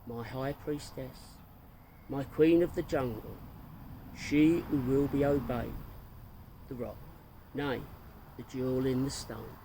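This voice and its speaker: Jokey showboating dad voiced by a man, pompous nature-documentary patter, mellow tone. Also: mid-range voice, steady tone, slow pace, gravelly, pauses often, a little hiss or hum, low-quality recording. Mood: flowery. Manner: mock nature-documentary commentary, grandiose. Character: playful jokey family man, show-off filming everyone.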